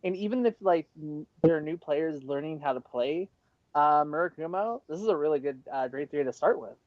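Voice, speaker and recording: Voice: medium pitch, animated, a little fast, no room sound. A podcast panelist who talks hesitantly and plays down their own turn. The sound is muffled and completely dry, like audio from a call. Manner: hesitant, self-deprecating. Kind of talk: casual chat.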